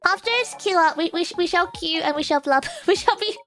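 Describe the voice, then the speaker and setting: A woman's voice: very high voice, fairly quick, music in the background. A young woman hosting a live stream in casual chat, giggling often and ranting playfully at herself. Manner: playful, self-mocking rants. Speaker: streamer host.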